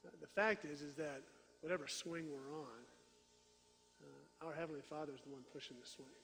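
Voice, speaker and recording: A middle-aged male pastor preaching a sermon, telling stories with animated swings from loud to hushed. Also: a little high, normal speed, vocal fry, slight background noise. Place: church sanctuary. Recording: reverberant church sanctuary.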